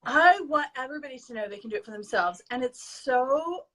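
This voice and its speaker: A woman guest, a spiritual advising student, earnestly shares a personal spiritual experience in an interview, sometimes reading from her notes. Her voice is high-pitched, animated, a little fast, bright, and forceful, and she sounds emotional and sincere.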